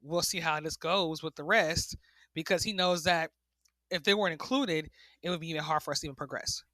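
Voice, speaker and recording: A middle-aged woman talks casually on a podcast and tells stories with lively energy, often acting out the voices of other people. Her voice is bright and clear, and it is recorded close with no room sound. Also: low voice, brisk, no echo. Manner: animated storyteller, acts out quotes, laughs often. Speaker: podcast guest. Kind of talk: casual storytelling chat.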